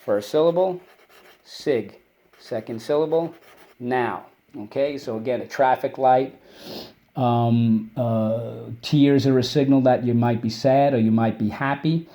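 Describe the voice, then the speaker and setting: A man's voice: medium pitch, a little slow, dark tone. Encouraging male teacher drilling spelling words. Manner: encouraging, drilling call-and-response; clear, patient explaining. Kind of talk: spelling and vocabulary lesson for kids.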